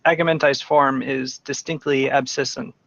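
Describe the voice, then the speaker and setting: A man running a tabletop game as game master, narrating in a dry, measured way. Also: medium pitch, fairly even intonation, a bit bright, muffled recording.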